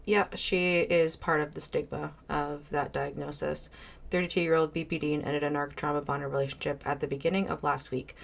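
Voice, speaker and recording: A woman with a notably low voice hosts a reaction video. She comments bluntly and with firm opinions, pausing to read viewer messages aloud. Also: level tone, gravelly. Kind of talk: casual commentary reacting to a clip.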